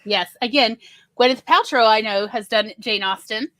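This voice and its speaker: A woman hosting a casual panel chat, talking in an animated, digressive way. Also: a little high, normal speed, dry recording. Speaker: host.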